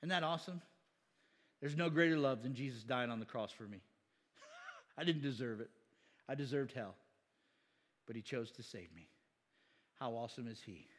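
A man preaching a sermon in an animated, chatty way, laughing often and voicing quoted people. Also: mid-range voice, normal speed, long pauses, in a large hall.

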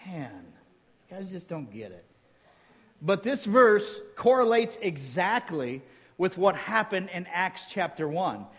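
High-voiced preacher in a reverberant hall. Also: male voice, takes it slowly. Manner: lively teaching tone, quizzes the listeners with rhetorical questions, jokes in between. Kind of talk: sermon.

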